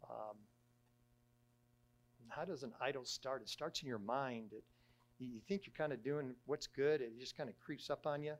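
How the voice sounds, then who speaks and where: A middle-aged man, a church elder, giving a conversational sermon in a halting way, with frequent restarts and fillers. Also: medium pitch.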